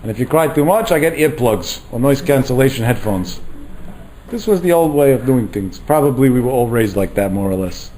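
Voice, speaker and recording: A man's voice: mid-range voice, brisk, slight background noise, low-quality recording. A middle-aged man giving a Torah lecture as a rabbi, telling stories and acting out the voices he quotes. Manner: animated, acts out quoted voices.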